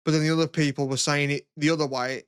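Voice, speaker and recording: A young man talking casually on a podcast, rambling and cursing as he acts out past conversations. His voice sits fairly high for a man. The sound is dry and close, with no room echo. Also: fast, smooth. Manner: rambling, swears a lot, animated retelling. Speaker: podcast co-host. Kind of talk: casual chat.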